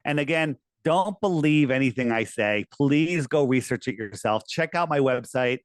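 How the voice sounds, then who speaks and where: Man, mid pitch, insistent and animated, dry close sound. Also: moderate pace, no echo. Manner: animated, insistent, uses mocking put-on quotes. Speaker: guest. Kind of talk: casual conversation.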